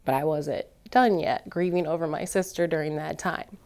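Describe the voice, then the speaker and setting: Panel guest: woman, lowish voice, earnest storyteller who heats up as she retells. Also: fairly even intonation, moderate pace. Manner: earnest, builds from quiet to heated retelling. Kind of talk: personal story in a panel discussion.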